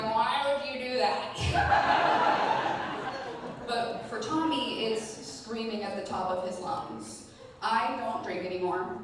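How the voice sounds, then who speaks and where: A woman performing a stand-up comedy set live on stage, telling a story in a deadpan way with filler ums. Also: fairly high pitch. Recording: echoey hall from a distance, audience noise.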